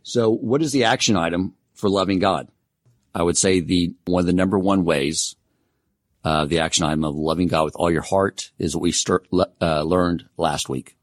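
Low-voiced man teaching a casual Torah class. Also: moderate pace, no room sound. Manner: conversational storyteller, self-deprecating humor.

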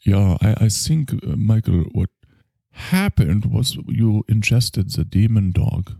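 A man doing a halting fake German doctor. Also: fairly low pitch, gravelly, warm tone, dry recording, clean studio sound, heavily acted. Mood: solemn. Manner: halting, full of uh fillers, slow. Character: male doctor with a clumsy German accent, solemn.

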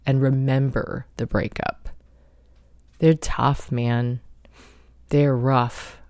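Woman host, mellow voice, dry close sound, reflective motivational talker. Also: extremely low pitch, no room sound. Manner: reflective, earnest, self-help tone. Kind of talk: motivational monologue.

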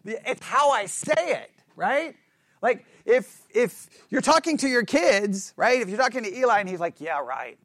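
A man's voice: extremely high pitch, animated, normal speed, fairly bright tone, dry recording, clean studio sound. A man teaching a Bible study class in a conversational, playful way, acting out sarcastic remarks and often checking "right?" with his listeners.

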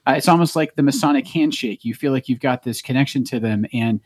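A man's voice: medium pitch, quick pace, no echo. A man with a Scottish accent, a doctor chatting as a guest on a podcast. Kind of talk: casual podcast chat.

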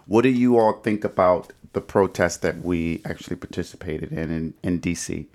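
Low-voiced man, earnest and measured. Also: a little mellow. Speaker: podcast co-host. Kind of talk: casual discussion podcast.

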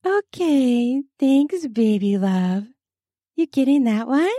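Woman doing a bubbly young girl, sweet high voice, slow and dreamy, story character. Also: expressive, dark tone, no echo, studio quality.

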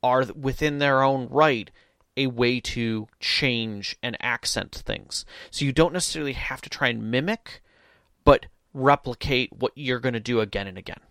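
A man's voice: medium pitch, normal speed, fairly bright tone, no echo, clean studio sound. A man co-hosting a tabletop gaming podcast in casual chat, eagerly agreeing and giving firm advice. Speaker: podcast co-host.

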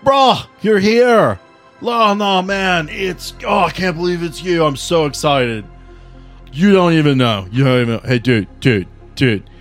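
A man voicing an excitable young male vape bro who gushes in breathless bro-speak. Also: lowish voice, moderate pace, soft background music, close to an everyday voice. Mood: starstruck.

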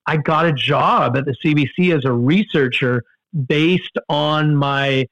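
Animated man telling a story. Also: a little slow, dry recording, muffled recording. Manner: animated, jumps in pitch for quoted outbursts, many fillers and restarts. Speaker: guest storyteller. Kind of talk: casual anecdote in conversation.

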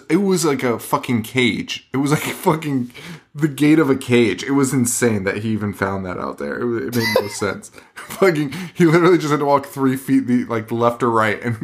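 A young man co-hosting a podcast, recapping a film in a loose, profane, laughing way. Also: medium pitch. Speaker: podcast co-host. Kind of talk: casual chat.

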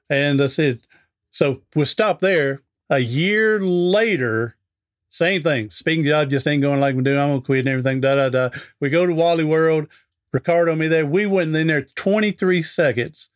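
A man's voice: on the high side, normal speed. A middle-aged man, a guest on an interview podcast, telling a folksy anecdote in a chatty way and acting out the dialogue. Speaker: interview guest, author and speaker.

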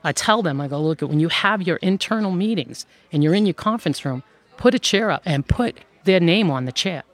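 A woman who runs an outsourcing firm, telling stories in an interview in a lively way and laughing often. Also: lowish voice, brisk. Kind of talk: conversational interview storytelling.

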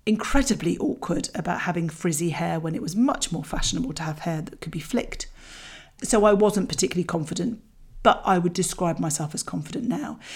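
A middle-aged woman, coaching parents in a chatty, candid way with lively asides. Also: medium pitch. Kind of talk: talking to parents about a child exercise.

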